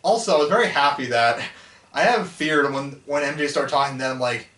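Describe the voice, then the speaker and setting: A man's voice: medium pitch, fairly quick, fairly bright tone. A man hosting a casual movie review chat, rambling with frequent restarts and laughs between points. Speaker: podcast host. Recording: echoey room, mic far off.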